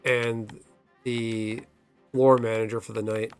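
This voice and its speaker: A man at a middle pitch streams a game and rambles through a long story. He curses whenever his connection drops. Faint music plays behind him. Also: a little fast. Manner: rambling storyteller, swears when the game crashes. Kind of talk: casual chat while gaming.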